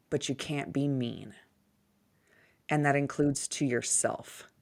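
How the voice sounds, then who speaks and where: Female guest, thirties, very low voice, candid and animated, wry humor. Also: gravelly. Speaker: podcast guest. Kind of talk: casual conversational interview.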